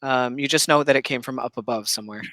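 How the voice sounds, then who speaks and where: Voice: medium pitch, fast, a bit bright, no echo. A game master running a tabletop game, patiently checking rules aloud between bits of narration.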